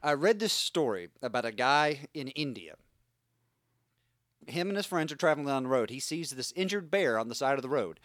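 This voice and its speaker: A man co-hosting a podcast in casual comedic chat, riffing crudely and deadpan. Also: medium pitch, moderate pace, dry recording, clean studio sound. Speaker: podcast co-host.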